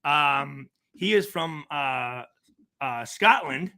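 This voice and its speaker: A man's voice: a little high, animated, very slow, over a noisy crowd. A man hosting a casual chat, often restarting and repeating words as he talks. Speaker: show host.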